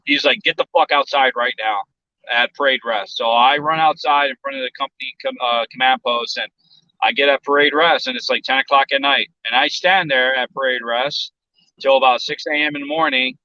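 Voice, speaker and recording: Profane storyteller from South Texas. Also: male voice, mid-range voice, brisk, no echo, highs cut off. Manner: profane, blunt and animated, acting out the voices of others. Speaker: podcast guest. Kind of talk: storytelling in casual chat.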